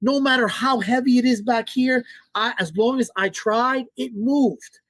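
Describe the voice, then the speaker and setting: A man's voice: very high voice, measured pace, a bit bright, no echo, voice pushed up, full character voice. A man voicing the inner thoughts of a proud male working dog that believes it can't fail. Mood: cocky. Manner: boastful inner voice.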